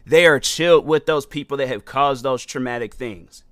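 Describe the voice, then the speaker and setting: A man's voice: medium pitch, moderate pace, fairly bright tone, dry recording, studio quality. A man hosting a casual monologue, telling stories with lots of slang and fillers, acting out both sides of conversations. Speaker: podcast host.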